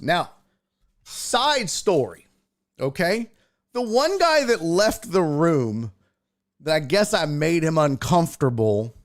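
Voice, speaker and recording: A man hosts a casual sports and entertainment livestream, telling jokey stories and reading viewer chat out loud. His voice is a little high, and the studio-quality recording has no room sound.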